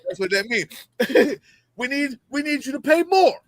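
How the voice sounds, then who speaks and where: A man's voice: very high-pitched, big pitch swings, unhurried, rough recording. A man on a video call giving heated political commentary, fiery, profane and mocking, full of rhetorical questions.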